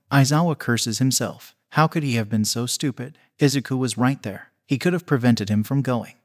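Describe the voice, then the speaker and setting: A man reads a fan fiction story aloud as its narrator, keeping a steady, even delivery. His voice sits at an ordinary middle pitch for a man. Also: normal speed, hardly any pauses. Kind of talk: scripted narration.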